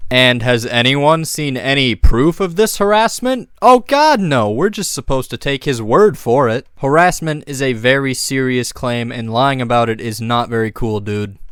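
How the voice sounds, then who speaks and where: A man narrates a commentary documentary in a sarcastic, scornful, casual tone. His voice is smooth and resonant, and the recording is close and dry, with no room sound. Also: medium pitch, no echo.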